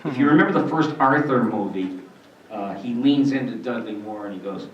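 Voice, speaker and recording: Man in his sixties, animated convention Q&A talk, muffled distant recording, faint background noise. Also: mid-range voice, brisk, reverberant. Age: 60s. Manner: rambling, animated storytelling. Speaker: voice actor panel guest. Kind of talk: convention panel Q&A. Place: convention panel room. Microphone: filmed from the audience.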